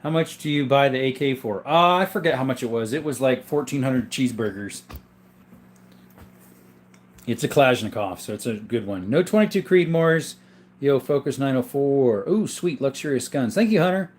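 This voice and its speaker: A man hosting a casual livestream from his home, reading viewer questions aloud and answering them one by one in a relaxed way. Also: medium pitch, normal speed. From southern Arizona. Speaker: gun channel host reading live chat. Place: indoor room full of guns.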